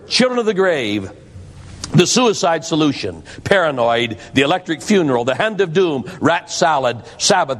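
A man preaching a sermon, telling a story in a dramatic, emphatic way. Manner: dramatic, emphatic, shifts pitch for effect. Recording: long hall reverb.

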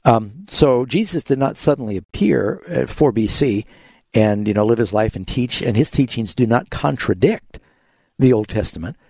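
A man's voice: medium pitch, expressive, moderate pace, darkish tone, slightly rough, no echo. A man hosting a call-in Bible radio show, patiently explaining scripture to callers with frequent fillers. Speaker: radio Bible program host.

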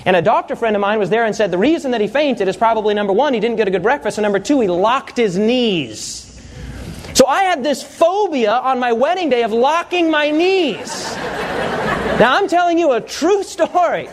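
Preacher, male, very high voice, lively storytelling sermon, faint hiss behind. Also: moderate pace. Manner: animated storytelling with audience call-and-response.

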